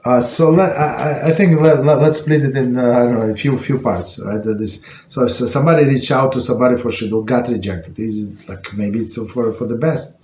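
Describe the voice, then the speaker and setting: Halting man teaching a class in an echoey room. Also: medium pitch, fairly even intonation, a little mellow. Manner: halting, many fillers and restarts. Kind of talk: informal Torah lesson. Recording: echoey room with faint noise.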